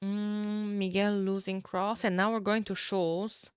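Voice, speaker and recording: A woman commentating a strategy game match, her voice hoarse from being sick, talking at low energy with throat-clearing and fillers. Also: flat delivery, slow, no echo. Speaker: tournament caster.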